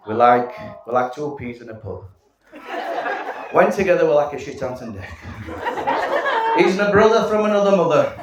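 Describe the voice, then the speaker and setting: A man's voice: fairly high pitch, animated, moderate pace, long pauses. A man, giving a cheeky, playful wedding speech with some swearing. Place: wedding reception hall. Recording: echoey hall from far off, loud room noise.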